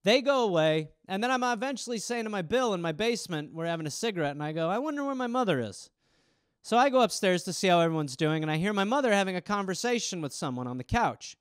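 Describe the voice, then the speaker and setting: A man's voice: high-pitched, quick pace, hardly any pauses, smooth, no room sound, clean studio sound. A man in his thirties hosting a podcast, telling stories in a casual monologue with lots of swearing and acted-out quotes. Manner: profane, animated, acts out quoted voices. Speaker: podcast host.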